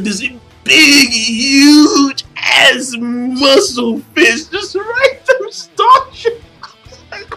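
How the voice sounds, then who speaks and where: A young man with a high, bright voice rants excitedly through a casual video review, piling on curses and slang. Faint music plays beneath his talk. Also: breathy edge, low-quality recording. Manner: hyped, profane, slangy fanboy gushing. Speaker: manga chapter reviewer.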